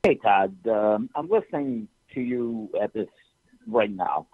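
A man's voice: fairly low pitch, expressive, a little slow, no echo. A man calling in to a radio show, hesitant and indignant, over a phone line. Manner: hesitant, indignant, many fillers. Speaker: caller. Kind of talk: live call-in.

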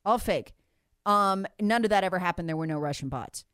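A woman's voice: lowish voice, lively intonation, a little fast, a bit bright, smooth, no echo. Brief: woman commentator, emphatic and insistent, dry close recording. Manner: emphatic, repeats points, acts out others' voices. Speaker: political commentator guest. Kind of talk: animated political talk.

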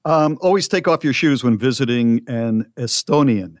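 A man's voice: medium pitch, animated, normal speed, no echo, clean studio sound. A man co-hosting a radio show, chatting casually and reading out listener posts with his own asides. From United States.

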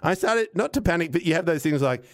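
A man, telling a casual, animated anecdote on a podcast, acting out what people said and swearing now and then. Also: fairly high pitch, fast. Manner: animated, rambling anecdote with acted-out quotes and swearing. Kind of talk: casual storytelling chat.

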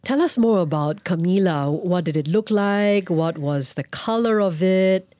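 A woman's voice: lowish voice, animated, unhurried, mellow, no room sound. A woman hosting an interview, asking curious, short follow-up questions. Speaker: podcast host. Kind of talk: conversational interview.

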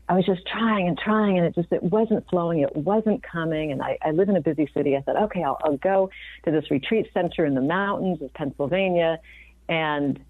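A woman's voice: deep voice, no room sound. A woman in her fifties, a physician guest on an interview, talking earnestly and reflectively, often restarting her sentences. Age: 50s. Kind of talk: conversational interview. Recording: dry, phone-like remote audio.

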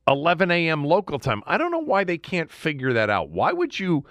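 Bright-voiced man talking sports betting. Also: on the high side, huge pitch swings, brisk, no room sound. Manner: conversational, frequent fillers and restarts. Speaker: sports betting show host. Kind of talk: casual sports chat.

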